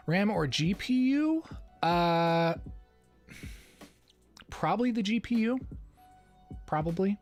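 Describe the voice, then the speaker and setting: Male livestream host, playful, chuckles a lot, light voice, soft music underneath. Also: on the high side. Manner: playful, chuckles often, reads chat aloud. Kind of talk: casual livestream Q&A.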